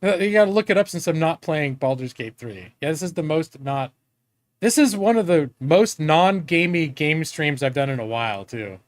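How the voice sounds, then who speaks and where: A man's voice: on the high side, animated, normal speed, no echo. A man in his forties chatting casually on a live stream, rambling and candid, swearing freely and joking at his own expense. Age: 40s.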